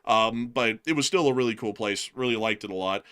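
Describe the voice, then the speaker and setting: A man's voice: on the low side, a little fast, fairly bright tone, clean tone. A man from the United States co-hosting a livestream, chatting in a rambling, emphatic way. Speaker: news channel co-host. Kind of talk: casual livestream chat.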